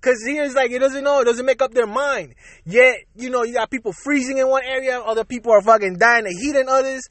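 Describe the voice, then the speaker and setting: A man's voice: very high voice, fairly quick, a bit bright, no echo. A man from Puerto Rico hosting his own show, ranting casually and profanely and laughing between lines. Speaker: podcast host. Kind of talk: casual solo rant.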